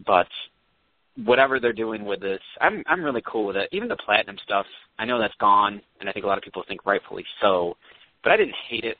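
A man's voice: on the low side, expressive, brisk, no echo. A man co-hosting a casual sports talk show, sharing hedging opinions. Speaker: podcast co-host. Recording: dry, tinny phone-like sound.

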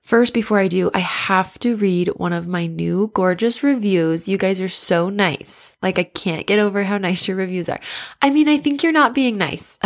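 A woman in her thirties hosting a casual podcast as a life coach, bubbly and chatty, laughing often, with a stuffy nose. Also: fairly low pitch. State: stuffy nose from sinus blockage.

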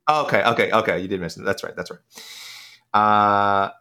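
A young man co-hosts a casual sports podcast in a somewhat low voice. He rattles through listener picks and talks over himself, restarting sentences and leaning on fillers. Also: steady tone, sharp tone. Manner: quick, rambling, self-interrupting with many fillers.

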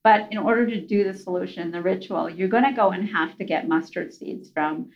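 A woman voicing a calm, wise male head monk in a story she tells, speaking in a measured way. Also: fairly low pitch, lo-fi sound, close to an everyday voice.

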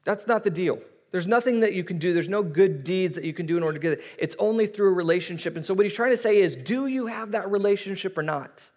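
Man, pastor, sermon, high voice, animated storytelling. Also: quick pace, hardly any pauses.

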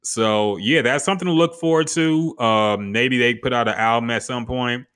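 Chill guy on a podcast, bright tone, joking around, says man a lot. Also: medium pitch, normal speed, clear, resonant tone. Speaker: podcast co-host. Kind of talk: casual chat.

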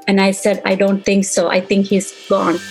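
A middle-aged woman in an interview, recounting a painful memory in halting speech that repeats itself and acts out past conversations. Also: mid-range voice, completely flat delivery, a little mellow, soft background music, poor audio. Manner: halting, repeats herself, relives quoted dialogue. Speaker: interviewee, mother of victim.

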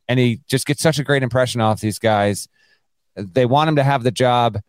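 Co-hosting a college basketball podcast, a man tells a story in casual chat, animated and acting out the quotes. His mid-range voice moves at normal speed, and the recording is dry.

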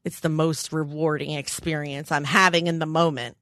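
A woman in her forties co-hosting a casual chat show, acting out quoted lines with big animated voices. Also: deep voice, moderate pace, no room sound, studio quality. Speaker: podcast co-host.

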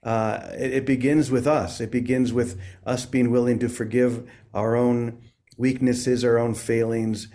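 A man who is a priest and author, talking gently and reflectively about faith, with many small restarts. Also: mid-range voice, little pitch movement, unhurried. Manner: gentle, searching, with frequent restarts. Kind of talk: reflective spiritual interview.

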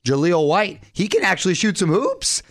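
A man hosting a radio show in a studio, talking in an energetic, chatty way and laughing often. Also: sits high, moderate pace, dry recording. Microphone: studio microphone.

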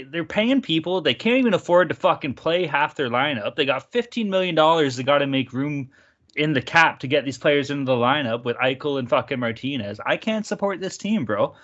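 A man's voice: on the high side, animated, moderate pace, a bit bright, highs cut off. A man hosting a casual hockey betting chat, brash and profane. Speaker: host.

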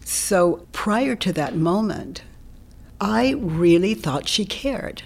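A woman guest in an interview, explaining her ideas in a gentle, reflective way that often drops into a soft whisper. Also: lowish voice, lively intonation, takes it slowly, vocal fry. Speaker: interview guest, self-inquiry teacher.

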